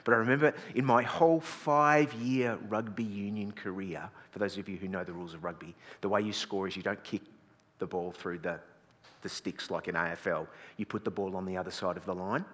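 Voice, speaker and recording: A middle-aged man preaching with a slightly low, bright and forceful voice. He tells his story in a chatty, self-deprecating way, often restarting his sentences. The sound carries a long reverb from a big hall. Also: steady tone, brisk. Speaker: pastor. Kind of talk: storytelling sermon.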